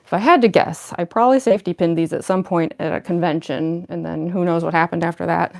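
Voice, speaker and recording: A young woman cosplayer with a lowish, gravelly voice talks fast in a steady tone while getting into costume on a livestream. She rambles casually, packs her speech with fillers, pokes fun at herself, and has a slight lisp from her costume fangs.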